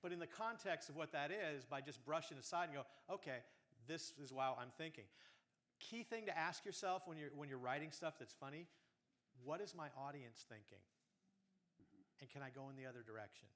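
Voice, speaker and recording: A man coaches a workshop group on comedy, talking in a fairly high voice. He is animated and explains his points through everyday examples. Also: brisk. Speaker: humor coach.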